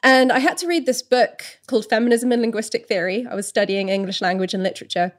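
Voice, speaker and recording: A woman's voice: on the high side, fast talker. A woman writer as an interview guest, explaining in a thoughtful, explanatory way and sometimes correcting herself mid-sentence. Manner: thoughtful, explanatory, with occasional self-correcting restarts. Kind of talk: podcast interview.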